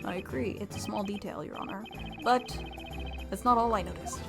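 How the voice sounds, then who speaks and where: A woman's voice: medium pitch, moderate pace, creaky, close to an everyday voice. A woman voicing an earnest, sometimes stammering young male defense lawyer while streaming a game. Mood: arguing. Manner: earnest, stammering when cornered. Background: game music.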